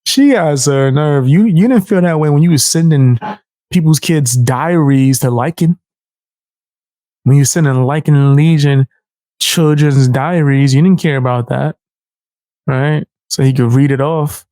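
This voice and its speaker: A man's voice: a little high, unhurried, dark tone, no room sound. A man hosting a reaction commentary, mocking and incredulous, full of slang. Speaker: commentary host.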